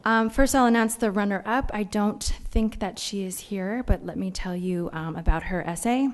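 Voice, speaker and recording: A woman announcing essay award winners at a banquet, reading the committee's remarks. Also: medium pitch. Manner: measured, formal reading. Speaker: award presenter. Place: banquet hall.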